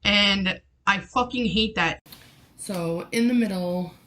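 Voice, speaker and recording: A woman vlogging, close to tears, talking haltingly with many restarts and swear words, through a headphone mic at home. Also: medium pitch, pushed and bright. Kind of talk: emotional personal vlog.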